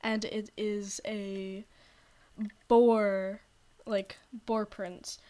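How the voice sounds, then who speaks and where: A woman's voice: mid-range voice, flat delivery, very slow, mellow. Rambling young woman retelling a book. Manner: rambling, full of "like" and restarts. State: scratchy throat. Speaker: streamer. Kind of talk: casual storytelling on a stream.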